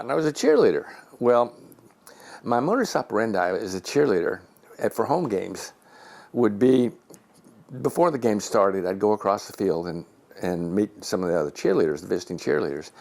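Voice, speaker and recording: Older man with a gravelly low voice. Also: normal speed. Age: 70s. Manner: animated storyteller who acts out quoted voices. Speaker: retired Air Force general. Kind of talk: telling personal anecdotes. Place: his own home.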